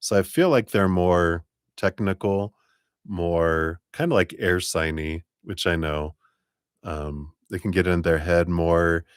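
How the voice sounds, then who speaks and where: A man with a very low voice reads tarot cards for viewers on a live stream. He talks in a chatty, easygoing way, laughs often and drags out words for emphasis, and the sound is dry and close. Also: takes it slowly, clear, resonant tone, dry recording. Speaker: tarot reader.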